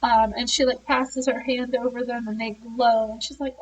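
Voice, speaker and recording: High-voiced woman casually retelling a story. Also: little pitch movement, normal speed, hardly any pauses, distant mic, slight background noise, low-quality recording. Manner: chatty, laughs often, many fillers. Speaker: book reviewer.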